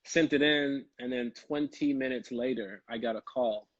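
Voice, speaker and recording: A young man from Chicago, a guest actor telling stories in a casual, animated way and laughing often. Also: medium pitch, moderate pace, no echo, lo-fi sound. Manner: animated, laughing storyteller who slips into quoted voices. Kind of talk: casual storytelling.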